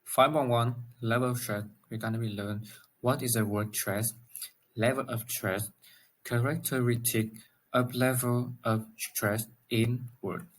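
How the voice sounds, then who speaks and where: A man giving a class presentation on word stress, speaking in a halting way with non-native phrasing. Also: mid-range voice, fairly even intonation, poor audio. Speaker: student presenter.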